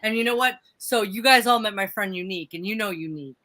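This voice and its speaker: A woman co-hosting a live stream in casual chat, chatty and animated, talking in quick bursts. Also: medium pitch. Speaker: livestream co-host.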